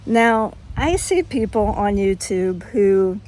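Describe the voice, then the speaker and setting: A woman's voice: a little high, measured pace, darkish tone, a little hiss or hum. An older woman chatting frankly in a casual home vlog, folksy, with frequent ums. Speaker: vlogger.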